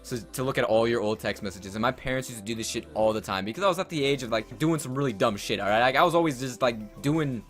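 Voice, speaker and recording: A young man telling a rambling, profane story while playing a video game, with loud outbursts. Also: mid-range voice, animated, quick pace, few pauses, faint music behind. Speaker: gaming YouTuber. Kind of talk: storytelling over gameplay.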